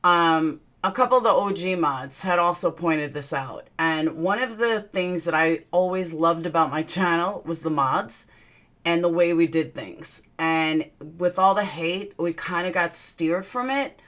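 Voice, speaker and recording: Young Southern woman, livestream host, slightly low voice, upbeat greetings. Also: unhurried. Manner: greets viewers by name in a lively upbeat way. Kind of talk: casual livestream chat.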